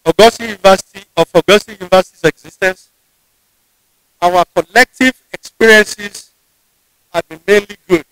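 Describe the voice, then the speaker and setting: A man with a Nigerian English accent delivers a formal ceremonial address, pitched high for a man. He speaks in a measured, deliberate way and often restarts a phrase mid-sentence. The sound is dry and close, with little room echo. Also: fairly bright tone, faint music behind. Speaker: university official giving a convocation address. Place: ceremony venue.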